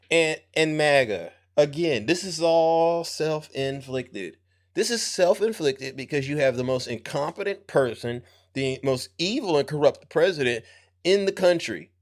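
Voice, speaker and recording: A man hosting a live political commentary stream, talking in a mocking, emphatic way and answering clips with quick interjections. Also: on the high side. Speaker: host.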